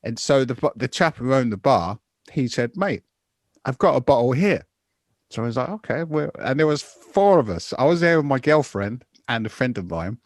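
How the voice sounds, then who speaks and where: A man in his fifties hosting a podcast, chatting casually and telling an animated, rambling story, calling everyone "mate". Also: mid-range voice, moderate pace, no room sound, clean studio sound. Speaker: podcast host.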